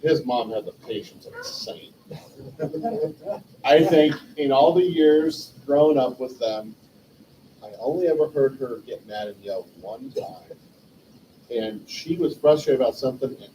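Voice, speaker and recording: Hosting a memorial stream, a man with a mid-range voice tells a heartfelt, rambling story about an old friend as a kind of eulogy, animatedly acting out their past conversations. The mic is distant, picking up faint room ambience and slight background noise.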